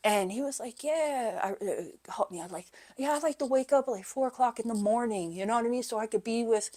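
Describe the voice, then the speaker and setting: On a podcast, a guest speaking fairly quickly in a voice on the high side recounts her life frankly and loosely, dropping casual swears and frequent "right?" and "you know" tags. Hard memories often bring her voice down to a hush.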